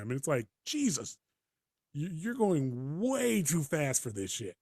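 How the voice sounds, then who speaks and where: A man co-hosting a casual podcast chat, animated and quick to laugh. His voice sits fairly high, and it is recorded dry and close. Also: breathy edge, no room sound. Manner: animated, laughs, acts out quotes. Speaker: podcast co-host.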